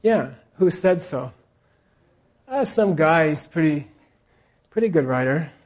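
Slow-talking male teacher checking in with his class. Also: a little high, expressive, darkish tone. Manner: leads call-and-response repetition. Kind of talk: classroom lecture on scripture.

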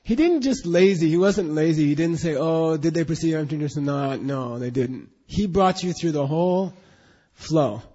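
A man's voice: on the high side, normal speed, few pauses, mellow. A man teaching a Buddhist class in an emphatic, questioning way, drilling students in recitation, on a dull lo-fi recording.

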